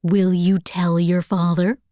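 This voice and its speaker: A woman's voice: lowish voice, flat delivery, takes it slowly, dark tone, dry recording, clean studio sound. A woman voicing a fussy, meddling middle-aged aunt with a reproachful manner.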